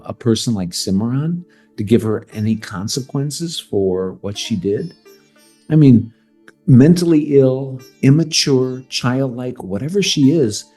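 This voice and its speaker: A man's voice: lowish voice, mellow, slightly rough. A man co-hosting a podcast as a doctor who deals with criminals, talking thoughtfully and emphatically, sometimes searching for words. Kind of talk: casual podcast discussion.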